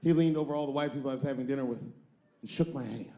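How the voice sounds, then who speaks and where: A male comedian telling a long story on stage, moving between loud punchlines and low, drawn-out asides. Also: reverberant. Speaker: stand-up comedian.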